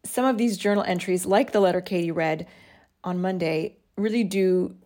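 A woman's voice: fairly low pitch, moderate pace, mellow. A woman in her forties, a podcast host, reads her old journal entries aloud and laughs at her younger self. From United States. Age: 40s.

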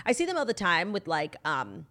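A woman's voice: fairly low pitch, fairly quick. A young woman co-hosting a casual chat podcast, telling stories animatedly and acting out quotes with laughter. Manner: animated storytelling, acts out quotes loudly, laughs often. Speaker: podcast co-host.

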